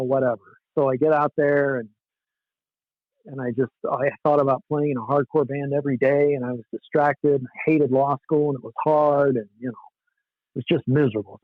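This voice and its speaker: A man's voice: mid-range voice, dry recording. A man in his forties from Southern California, telling stories as a podcast guest in a laid-back, self-mocking way. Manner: laid-back, anecdotal, often laughs at himself. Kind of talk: casual storytelling in a podcast interview. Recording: dull, dry lo-fi podcast audio.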